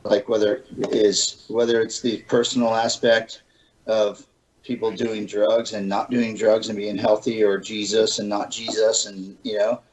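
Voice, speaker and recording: A man's voice: fairly low pitch, little pitch movement, a little slow, a little mellow, poor audio. A man from Florida, a podcast guest telling loose stories in casual chat, swearing now and then.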